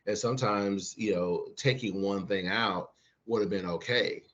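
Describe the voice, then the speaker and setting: A man's voice: lowish voice, measured pace, fairly bright tone, lo-fi sound. A man, a guest chef, chatting casually on a podcast, rambling with many restarts and fillers. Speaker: guest chef, former competitor.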